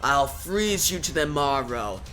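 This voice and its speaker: A huge, vengeful male ice monster king speaks slowly and low, put on by a woman reading a comic. The delivery is menacing, with a bright, forceful tone. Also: animated, soft background music.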